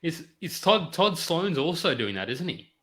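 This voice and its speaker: A man's voice: fairly high pitch, big pitch swings, moderate pace, fairly bright tone. A man hosting a podcast, joking around and often restarting his sentences as he asks questions. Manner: jokey, stumbling over restarts. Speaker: podcast host. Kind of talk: casual podcast chat.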